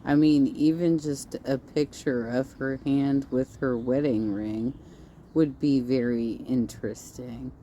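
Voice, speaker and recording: A woman's voice: very deep voice, fairly even intonation, takes it slowly, warm tone, slight background noise. A woman co-hosting a livestream, making dry, sarcastic remarks.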